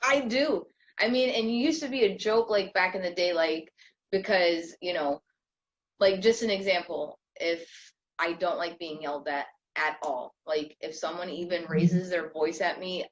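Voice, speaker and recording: Speaking at a measured pace in a lowish voice, a young adult woman chats casually as a podcast co-host, full of fillers and false starts. The recording is slightly muffled lo-fi with a bit of noise.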